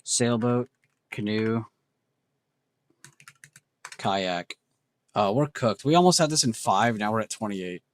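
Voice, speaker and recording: A man's voice: lowish voice, takes it slowly, pauses often. A man hosting a casual livestream, muttering word guesses to himself and reacting to chat with self-mocking remarks. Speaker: livestream host.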